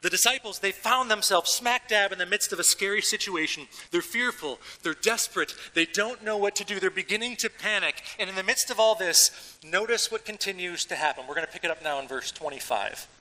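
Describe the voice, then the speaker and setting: A man preaching a sermon as a pastor, in a casual, animated way with everyday slang, a father of young children. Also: high-pitched, fairly quick, long reverb tail, low-quality recording. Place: church.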